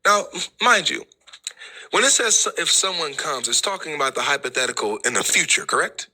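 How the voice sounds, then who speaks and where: A man arguing in a heated online debate, quick to interrupt and brushing off his opponent. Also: on the high side, expressive, bright, forceful tone, poor audio. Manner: quick to interrupt, laughing dismissively. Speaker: debate host.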